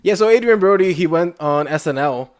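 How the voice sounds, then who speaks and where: A man co-hosts a loose podcast conversation, his voice sitting a little high. He rambles, restarting thoughts and filling gaps with "like.". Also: expressive, brisk. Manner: rambling, heavy use of "like", frequent restarts. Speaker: podcast co-host. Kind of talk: casual chat.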